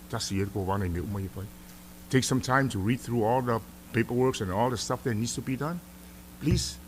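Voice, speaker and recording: A man's voice: mid-range voice, slight background noise. A middle-aged man with a Samoan accent, a senator sternly scolding an official during a hearing in a legislative chamber. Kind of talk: formal hearing address.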